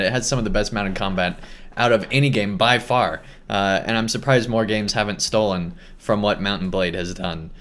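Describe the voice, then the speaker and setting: A man giving casual let's-play commentary as a gaming host, excited and chatty with many fillers. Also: fairly low pitch. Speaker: gaming YouTuber.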